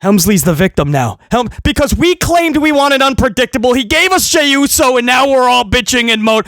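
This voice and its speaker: A man giving a heated, sarcastic wrestling rant that often breaks into shouting. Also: extremely high pitch, lively intonation, fairly quick, dry recording. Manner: ranting, sarcastic, shouting at times. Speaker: wrestling commentator.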